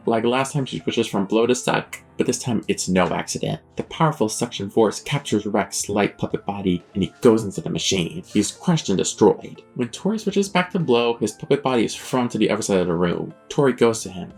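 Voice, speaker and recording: Rambling YouTuber man, comic storytelling, gravelly and low. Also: lively intonation, brisk, few pauses, a little mellow, soft background music. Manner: rambling, wry asides. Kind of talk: comedic storytelling commentary.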